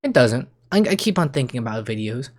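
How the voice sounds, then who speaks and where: A young man talking casually to camera as a streamer, rambling and excitable, often restarting his sentences and jumping in pitch when he gets worked up. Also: brisk. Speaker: streamer and YouTuber. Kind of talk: casual vlog monologue.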